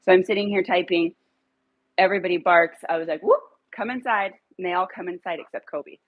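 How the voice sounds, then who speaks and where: A woman who trains dogs chats loosely on a live stream from her home, stopping now and then to call her dogs. Her voice sits on the low side with a husky, breathy edge. The recording is close and dry. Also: a little fast, no room sound, phone-quality sound. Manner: rambling, calls her dogs in a high coaxing voice. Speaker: dog trainer. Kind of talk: casual live stream talk. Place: home room with a computer.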